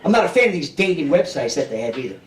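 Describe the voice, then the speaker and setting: A man in his 50s from Brooklyn, New York talks very fast in a voice on the high side with big pitch swings. He's doing a streetwise stand-up set at a comedy club, often checking in with the audience, recorded in an echoey space from a distant mic with crowd noise.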